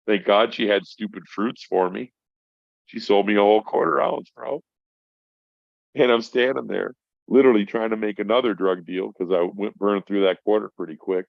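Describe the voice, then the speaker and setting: A man's voice: on the low side, vocal fry, dry recording. A middle-aged man, stoned, telling a rambling, profane story in casual chat as a podcast guest. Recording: dull lo-fi sound.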